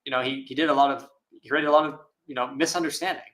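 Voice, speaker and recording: A man who is a Buddhist monk, answering questions in a relaxed, thoughtful way with frequent laughs and fillers. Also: medium pitch, rapid-fire, rough recording. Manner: casual, thoughtful, laughs often, many fillers. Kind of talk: live Q&A dharma talk.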